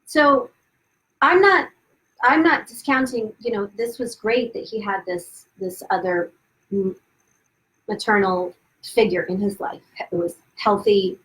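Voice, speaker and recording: A woman's voice: mid-range voice, unhurried, fairly bright tone, rough recording. A woman hosting a live video stream, telling her own story in a candid, casual way with frequent asides and restarts, laughing at her past. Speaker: host of a live video series. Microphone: webcam or phone, live stream.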